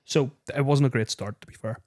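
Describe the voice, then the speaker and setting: A young man hosting a podcast, telling stories in an animated way and swearing freely. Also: medium pitch, brisk. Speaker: podcast host and radio presenter. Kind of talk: casual chat.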